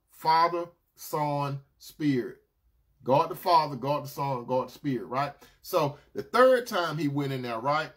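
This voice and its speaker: A preacher carries a sermon in a fairly high voice. He talks in a relaxed, conversational way, restarting phrases as he goes and checking in with his listeners with a quick "right?". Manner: storytelling, with frequent "right?" asides to the listeners.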